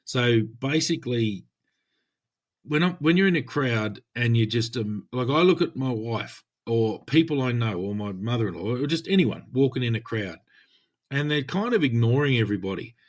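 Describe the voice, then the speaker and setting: A man's voice: mid-range voice, lively intonation, moderate pace. A middle-aged Australian man, a former police officer, co-hosting a podcast in a laid-back, matter-of-fact way. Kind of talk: casual podcast chat.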